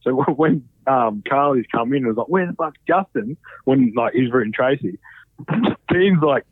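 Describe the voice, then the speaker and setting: A man telling stories in a casual, animated way, swearing freely. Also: mid-range voice, normal speed, no echo. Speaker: podcast guest, former reality show contestant. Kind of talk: casual storytelling. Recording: dry, phone-like narrow sound.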